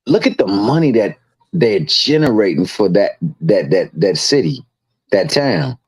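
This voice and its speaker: A man hosts a live fight watch-along in loose, slangy banter, and he often repeats words while he thinks. His voice swings widely in pitch. The sound is dry and close to the mic. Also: very animated, measured pace, breathy edge, no echo, poor audio.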